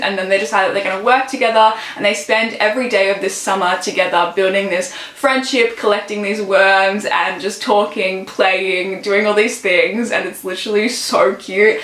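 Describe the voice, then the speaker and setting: A woman's voice: mid-range voice, fairly bright tone. Gushing teen woman, roomy sound. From Australia. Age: late teens. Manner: gushing, chatty, fond of "literally" and "so good". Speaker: book vlogger. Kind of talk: casual book recommendations.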